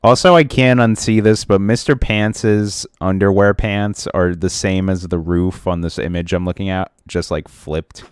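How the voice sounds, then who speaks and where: A young man with a low, deep voice chats casually on a podcast, joking around and breaking into goofy, excited bursts. The sound is dry and close, with no room around it. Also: measured pace, hardly any pauses, clear, resonant tone, dry recording. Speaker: podcast co-host. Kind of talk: casual chat.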